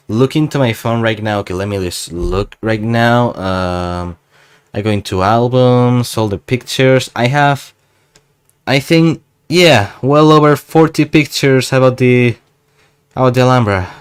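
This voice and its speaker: A young man from Spain, chatting casually in a travel vlog in a rambling, self-mocking, jokey way. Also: medium pitch. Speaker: gaming YouTuber.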